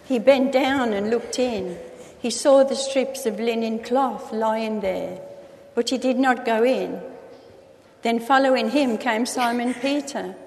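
A woman reading a Bible story aloud in a steady storytelling manner. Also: on the high side, takes it slowly, big-room sound, a little hiss or hum. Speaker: reader.

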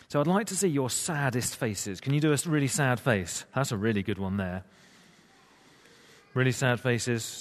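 A man gives a playful talk in church, coaxing his listeners to join in. His pitch swings widely as he moves from bright to hushed. He sits a little higher than most men. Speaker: church leader.

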